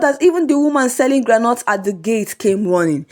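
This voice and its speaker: A woman narrating a comic folk story in a lively, humorous way. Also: a little high, normal speed, few pauses.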